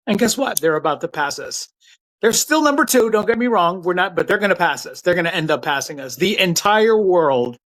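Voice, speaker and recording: A man's voice: sits high, a bit bright, poor audio. A man giving sarcastic, profane political commentary on a live stream.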